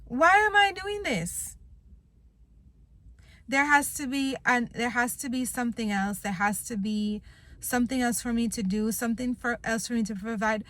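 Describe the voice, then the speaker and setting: A woman's voice: a little high, normal speed, fairly bright tone, dry recording. A young woman vlogging, venting bluntly and with plenty of swearing about wanting to quit her job. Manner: frustrated, blunt, swears a lot. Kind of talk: venting to camera.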